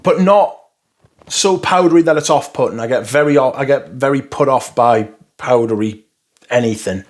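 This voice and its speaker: A man's voice: medium pitch, normal speed. Blunt, sweary man reviewing perfume. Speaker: fragrance reviewer. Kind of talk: casual first-impression review.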